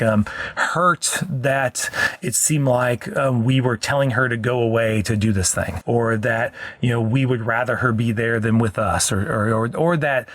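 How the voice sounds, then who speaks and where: A man's voice: medium pitch, no room sound. A man co-hosting a parenting podcast as a counselor, explaining earnestly in casual chat and often restarting his sentences.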